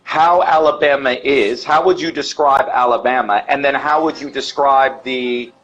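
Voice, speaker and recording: A man's voice: mid-range voice, steady tone, normal speed, fairly bright tone. Encouraging man from New Jersey, dull audio. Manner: encouraging, affirming replies. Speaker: interviewer. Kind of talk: casual interview chat.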